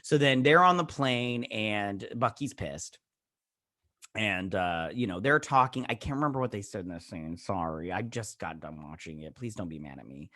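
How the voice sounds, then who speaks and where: A man's voice: on the low side, expressive, normal speed, pushed and bright, no room sound. Rambling male review vlogger, dry sound. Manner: rambling recap, often acting out characters' lines; frequent restarts and "he's all like". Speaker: show host reviewing a TV episode. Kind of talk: casual review vlog.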